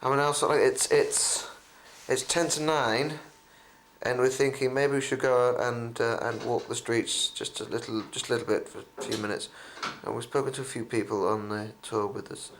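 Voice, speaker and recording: A man with a steady, fairly bright mid-range voice and moderate pace narrates his own holiday video diary from behind the camera, picked up by the camcorder's built-in mic with slight background noise. Moving through a bus, a hotel room and streets on his trip, he keeps up a wry, sarcastic running commentary.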